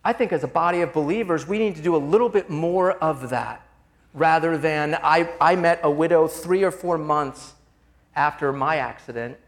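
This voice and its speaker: High-voiced earnest male preacher. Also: moderate pace. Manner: conversational, addresses listeners as "gang"; earnest and confessional, mixing personal stories with scripture. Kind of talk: sermon.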